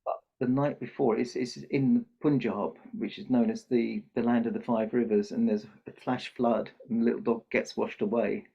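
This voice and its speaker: Older man telling a children's story, gravelly. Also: medium pitch, moderate pace, hardly any pauses. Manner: animated storyteller acting out characters' lines. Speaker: podcast guest, Santa performer. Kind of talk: storytelling in conversation. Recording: muffled lo-fi podcast audio.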